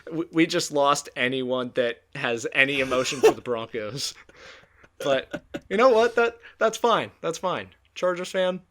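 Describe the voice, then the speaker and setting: A man's voice: fairly high pitch, animated, unhurried, a bit bright. A young man co-hosting a casual sports podcast, rambling and self-mocking as he talks. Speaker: podcast co-host.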